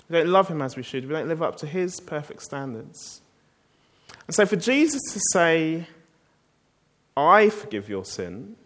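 A man delivers a sermon in a relaxed, storytelling manner. His voice sits a little high for a man. He keeps pulling the listeners in with rhetorical questions. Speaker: preacher.

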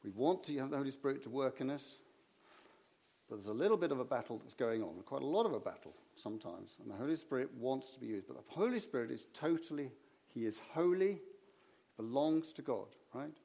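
Gravelly preacher telling stories. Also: male voice, medium pitch, animated, brisk, dark tone. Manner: anecdotal, acts out conversations in his stories. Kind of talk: sermon.

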